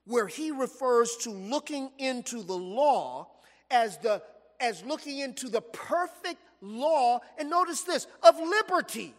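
A man preaching a sermon in a church, telling stories and stretching words for emphasis. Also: extremely high pitch. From Los Angeles, USA. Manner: animated storytelling preaching, stretched emphatic phrases. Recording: long reverb from a large hall.

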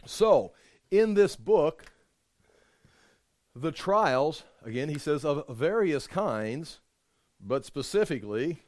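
A man's voice: on the high side, sing-song, takes it slowly, pauses often, darkish tone, dry recording. Emphatic male Bible teacher, dry close sound. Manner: conversational, emphatic, frequent restarts. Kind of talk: informal Bible study sermon.

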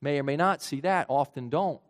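A man preaching a sermon in an earnest way, his voice rising for emphasis and then dropping low and quiet. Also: normal speed. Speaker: pastor.

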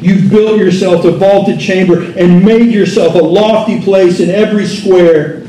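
Man, preacher, sermon, impassioned, rhetorical questions, high voice, roomy echo. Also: steady tone, measured pace, dark tone, slight background noise. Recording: roomy echo from a distant mic.

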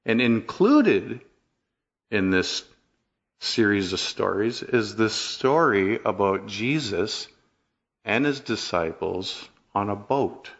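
A man's voice: fairly low pitch, slow pace, lo-fi sound. A man preaching a sermon, telling stories and asking rhetorical questions. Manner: storytelling, animated, rhetorical questions.

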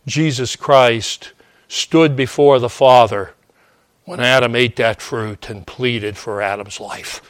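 A man preaching a teaching sermon, pausing often with "uh" and checking in with "okay?" as he explains scripture. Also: mid-range voice, fairly even intonation, no room sound. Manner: digressive, frequent "uh" and "okay?" checks.

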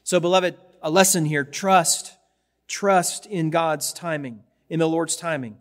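A man's voice: fairly high pitch, steady tone, unhurried. A man preaching a sermon in a conversational way, repeating words and turning to the congregation with asides. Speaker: pastor. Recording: long hall reverb.

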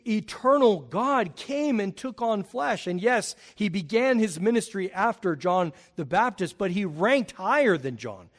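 Pastor, male, high voice, emphatic sermon delivery. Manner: emphatic, rising in pitch and volume on key points.

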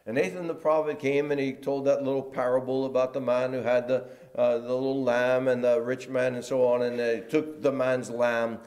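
A man preaching a sermon in a church, moving between loud emphatic lines and quiet, hushed ones. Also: mid-range voice. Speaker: pastor.

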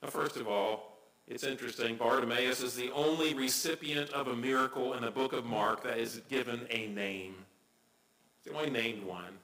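A man preaching a sermon as pastor, swinging from hushed asides to loud, excited cries. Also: mid-range voice, normal speed, reverberant, poor audio.

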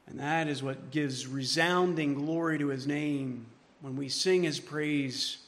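Guy preaching, high bright voice, goes from hushed to loud, echoey hall. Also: steady tone, takes it slowly. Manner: swings from hushed to loud and emphatic. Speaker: pastor. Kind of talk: sermon. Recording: long hall reverb.

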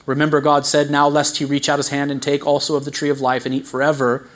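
A man preaching a sermon, explaining scripture with earnest emphasis, swelling on key lines and dropping to quiet asides, with some stammered restarts. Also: fairly high pitch, completely flat delivery, quick pace, a little hiss or hum.

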